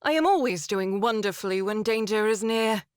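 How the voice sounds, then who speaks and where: A woman's voice: mid-range voice, expressive, normal speed, clear, resonant tone, no echo, studio quality, lightly acted. An actress playing a zealous female holy warrior, proud and scornful. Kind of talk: video game voice acting.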